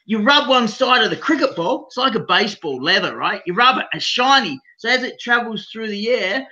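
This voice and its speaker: A man's voice: high-pitched, pushed and bright, dull audio. An Australian man on a call, rambling in crude casual banter, profane and rowdy, forever saying mate. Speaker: call-in guest.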